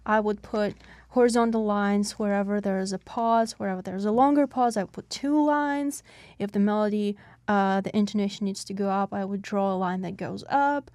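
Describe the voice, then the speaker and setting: A woman's voice: medium pitch, normal speed, darkish tone, dry recording. A woman hosting an interview, sharing her own experience in an enthusiastic, chatty way. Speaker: host. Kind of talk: interview conversation.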